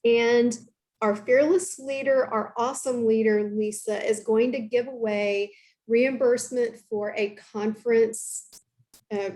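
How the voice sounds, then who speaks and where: A woman's voice: a little high, steady tone, a little slow, a little mellow. A woman giving upbeat announcements on a team video call. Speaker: team member making announcements. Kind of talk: casual team meeting talk.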